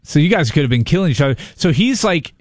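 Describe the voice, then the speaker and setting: Male host, slightly high voice, dry sound, keeps probing for details. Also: very animated, fast talker, no echo. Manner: eager, probing questions, retells details. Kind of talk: casual interview chat.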